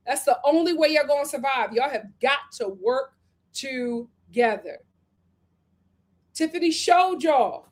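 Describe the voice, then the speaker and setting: A woman hosting a casual live stream, chatting animatedly and reading viewer comments aloud with playful exaggeration. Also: high voice.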